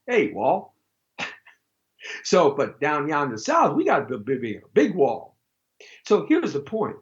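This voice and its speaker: A man hosting a live talk show, rambling through a jokey monologue with sudden loud outbursts. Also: fairly high pitch, muffled recording.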